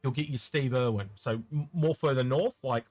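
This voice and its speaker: A man with a Tasmanian Australian accent co-hosts a live Q&A stream, chatting casually and rambling, repeating words whenever he restarts a sentence. His mid-range voice has a darkish tone and moves at a normal speed. The recording is dry, with faint music in the background.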